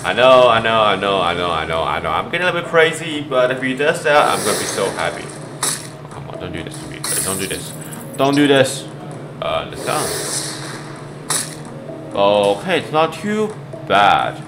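A man giving excited gameplay commentary as a gaming YouTuber, pleading and shouting at the game and laughing often. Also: fairly low pitch, normal speed, long pauses. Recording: echoey room with game music.

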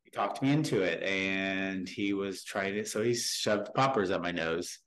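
Halting low-voiced man in his thirties. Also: a bit bright, poor audio. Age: 30s. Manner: halting, frank, with many restarts. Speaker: podcast guest. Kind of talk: personal storytelling in an interview.

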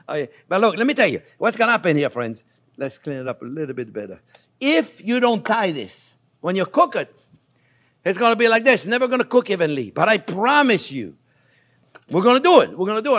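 An older man, a chef giving a chatty cooking demonstration in a kitchen, joking and laughing as he teaches. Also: high voice. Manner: animated, chatty, jokes and laughs while teaching.

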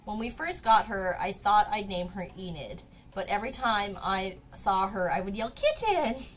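A woman's voice: medium pitch, normal speed, a bit bright. A woman chatting casually to her viewers during a live craft stream, laughing often and swearing now and then.

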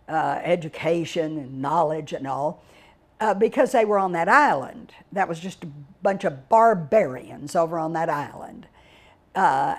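An older woman from Texas, giving a digressive storytelling lecture with dramatic exclamations and drawn-out words. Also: fairly low pitch. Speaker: guest speaker reviewing a book.

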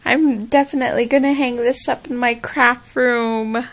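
High, gushing woman vlogger. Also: normal speed, few pauses. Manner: gushing, excitable, with squealing exclamations. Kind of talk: casual unboxing chat.

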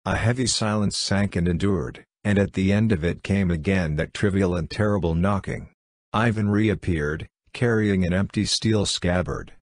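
A man narrating a classic story as an audiobook reader, in a measured, even way. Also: sits low, no echo.

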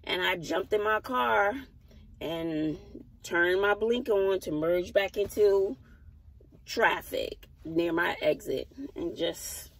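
A woman's voice: on the low side, slow pace, gravelly, low-quality recording. A woman, a teacher, casually telling a story to her camera while sitting in her car, acting out what people said. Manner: animated storyteller, acts out quotes. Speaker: vlogger, schoolteacher.

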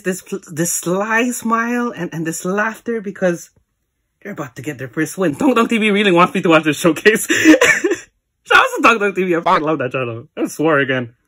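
An excitable music video reactor talking casually, saying "y'all" constantly and laughing often, sweaty and teary. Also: medium pitch, slightly rough. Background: music video playing.

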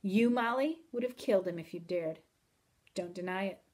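A woman reading aloud in the voice of a mysterious, teasing wandering man with calm, old-country phrasing. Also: mid-range voice, normal speed, natural voice. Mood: wry. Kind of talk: audiobook reading.

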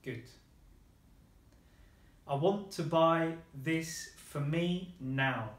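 Slow, patient male Spanish teacher. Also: on the high side, echoey room. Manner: encouraging, praises often. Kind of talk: slow, patient language lesson.

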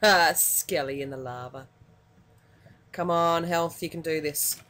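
An Australian woman commenting on her gameplay in a casual, excitable way, muttering to herself between sudden yelps. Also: sits low, unhurried. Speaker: gaming channel host.

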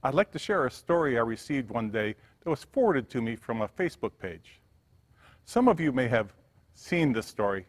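A male pastor reading a story aloud in a sermon with expressive storytelling. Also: mid-range voice. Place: church sanctuary. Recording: church hall reverb.

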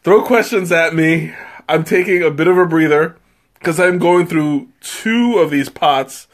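A man with a slightly high voice speaks at an unhurried pace while tasting tea on a live stream, chatting casually and rambling along. He giggles often and pokes fun at himself, and the spicy tea has given him a runny nose.

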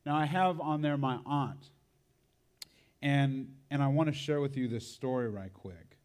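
A man's voice: medium pitch, unhurried, darkish tone, clean tone. A man preaching a sermon, telling a personal story in a conversational way and tagging his lines with "right?" and "man".

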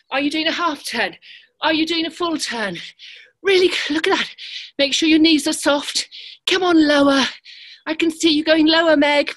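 High-voiced energetic woman fitness coach. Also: rough recording. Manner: energetic counting and cheering on. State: a little out of breath. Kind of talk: live online workout class. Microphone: video call.

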